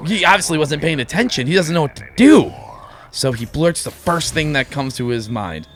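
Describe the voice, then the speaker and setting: A man's voice: on the high side, big pitch swings, normal speed, fairly bright tone. A man, host of a gaming channel, telling a rambling joke in a goofy, giggly way, often interrupting himself. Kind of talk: rambling comic storytelling.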